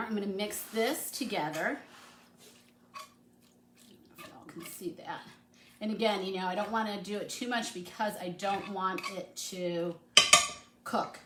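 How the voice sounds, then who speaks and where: A woman's voice: mid-range voice, background noise. A middle-aged woman hosting a casual cooking demonstration, chatty and enthusiastic as she works in her home kitchen. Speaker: cooking show host. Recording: echoey room.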